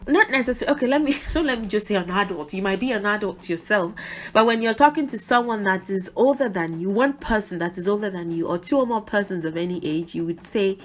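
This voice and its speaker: A woman's voice: medium pitch, fast. A middle-aged woman, teaching a language lesson in a chatty way, with asides. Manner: chatty, explains with asides and small laughs.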